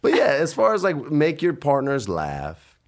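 A man in his forties chats in a relaxed, storytelling way. He leans on slang and swearing and keeps laughing as he talks. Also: fairly high pitch, normal speed. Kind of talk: casual storytelling chat.

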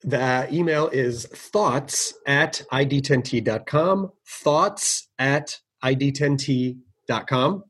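A man hosting a podcast in a casual, earnest tone. He halts and restarts as he searches for words, and his voice carries some huskiness at a mid pitch. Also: a bit bright, slightly rough. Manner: earnest, halting, restarts often. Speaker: podcast host. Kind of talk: casual conversation.

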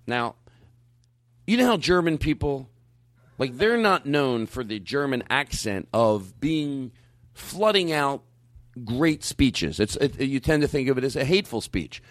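A man's voice: mid-range voice, sing-song, a little slow, no echo. A man hosting a comedy show in a studio, bossing people around with mock authority, shushing and laughing between lines. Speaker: podcast host. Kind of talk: comedic banter.

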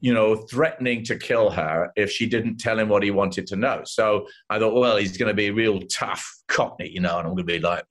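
An older man with an English accent tells his stories with plenty of color, his voice sitting on the lower side. He slips into the voices of other people as he goes, relaxed and conversational. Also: a little fast, hardly any pauses. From England. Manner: animated anecdotes, acts out voices of others. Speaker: actor guest. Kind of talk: casual interview storytelling.

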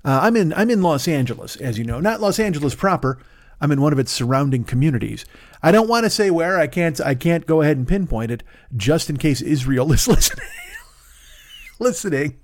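Rambling, joking man with a higher voice. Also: lively intonation, quick pace. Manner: rambling, self-interrupting, sarcastic asides. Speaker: podcast host. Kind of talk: solo comedic monologue. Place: at a desk in a home studio. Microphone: studio microphone.

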